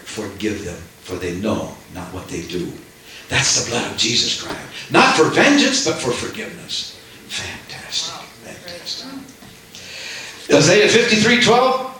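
A man preaching a sermon with fervor, building to loud exclamations. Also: on the high side. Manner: fervent, rising to shouted exclamations. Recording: echoey room, voice from far off.

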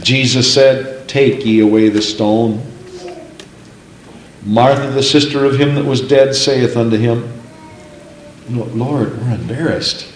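A man's voice: mid-range voice, fairly even intonation, unhurried, roomy sound, a little hiss or hum, rough recording. A man preaching a sermon, telling a folksy story and then reading scripture aloud, building to fervent emphasis on key lines.

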